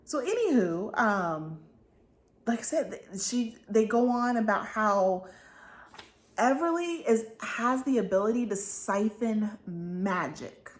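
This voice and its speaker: A woman's voice: mid-range voice, animated, slow. A woman giving a casual book talk, retelling the plot in a rambling way with many restarts. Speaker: book reviewer.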